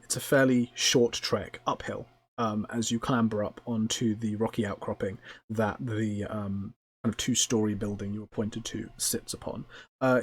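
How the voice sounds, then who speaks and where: A man narrating a tabletop game as game master, describing scenes at length with many pauses. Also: mid-range voice, breathy edge.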